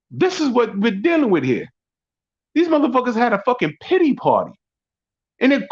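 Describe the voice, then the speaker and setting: High-voiced man ranting, profane and mocking. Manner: loud, profane, mocking, rambling. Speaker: podcast host. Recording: dull lo-fi audio.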